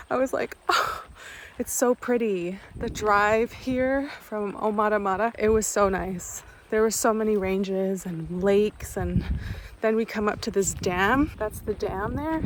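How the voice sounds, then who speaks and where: A woman's voice: medium pitch, background noise. A woman with a North American accent, narrating her solo travel vlog in a bubbly, gushing way, filmed on a handheld camera outdoors and in a motel room. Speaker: travel vlogger.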